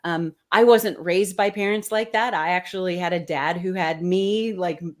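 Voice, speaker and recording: A woman calling in as a guest, talking in a gushing, warm way with many hesitations and ums. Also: fairly low pitch, normal speed. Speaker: call-in guest. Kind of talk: casual chat.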